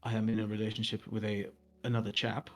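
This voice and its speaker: A man's voice: lowish voice, completely flat delivery, fast talker. A man co-hosting a casual podcast, teasing his friend and chipping in with short quips. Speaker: podcast co-host. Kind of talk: casual chat. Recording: faint background music.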